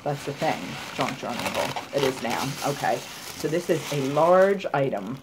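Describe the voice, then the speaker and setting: Woman, low pitch, enthusiastic, repeats herself, casual home unboxing chat. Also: very animated, normal speed, background noise. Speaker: craft vlogger.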